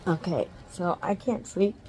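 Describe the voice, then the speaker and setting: A woman's voice: fairly low pitch, unhurried, a little mellow, slightly rough. A tired woman vlogging casually at home after oral surgery, rambling with lots of fillers and swearing freely. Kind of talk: casual late-night vlog. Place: home, bed then bathroom.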